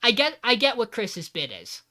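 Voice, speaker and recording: A man's voice: very high-pitched, normal speed. A man co-hosting a podcast, recapping an anime episode in casual chat and acting out the characters' lines as he goes. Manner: animated, acts out character lines while recapping. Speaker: podcast co-host.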